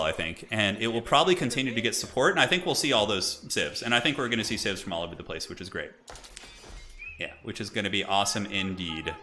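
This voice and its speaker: A young man streaming and chatting excitably as he commentates a multiplayer strategy game, laughing often. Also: medium pitch.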